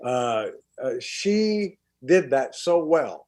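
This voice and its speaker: A man's voice: medium pitch, sing-song, extremely slow, darkish tone. A middle-aged man from Texas, an actor guest telling stories in a casual interview, often stumbling and restarting and trailing off into a murmur.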